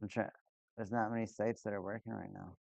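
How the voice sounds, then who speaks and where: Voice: mid-range voice, fairly even intonation, fairly quick, creaky, darkish tone, no echo. A live-stream host in casual chat with viewers, exasperated and sarcastic while talking to the audience.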